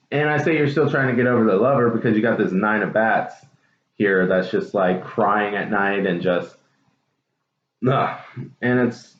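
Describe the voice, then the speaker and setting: A man giving a casual, chatty tarot reading to viewers, with lots of fillers and trailing thoughts. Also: lowish voice. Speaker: tarot reader. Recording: dull echoey room with faint noise.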